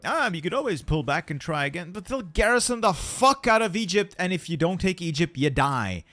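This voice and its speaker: A man's voice: a little high, expressive, normal speed, few pauses, sharp tone, dry recording, soft background music. A man commentating his strategy game play, exasperated and swearing as he rants about losing. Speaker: gaming channel host.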